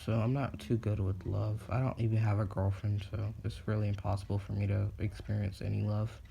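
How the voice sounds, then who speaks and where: A man's voice: fairly low pitch, level tone, brisk, gravelly, dark tone, a little hiss or hum. A thirteen-year-old boy retelling a fan story casually, rambling with lots of ums and restarts.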